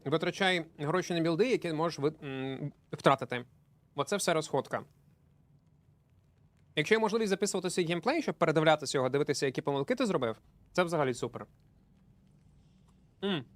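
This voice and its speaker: Male game streamer, chatty and excitable, stumbling and repeating himself. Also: a little high, quick pace, pauses often, no room sound. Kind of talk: live gameplay commentary chatting with viewers.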